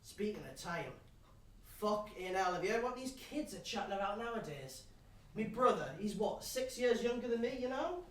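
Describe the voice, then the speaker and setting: A man's voice: sits high, expressive, normal speed. A young man with a Geordie accent acting a brash, crude pub regular in a one-man live stage show, rambling and swearing as he banters cheekily with the audience. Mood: cheeky. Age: young adult. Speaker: stage actor. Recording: roomy stage sound from far off with audience. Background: audience laughing.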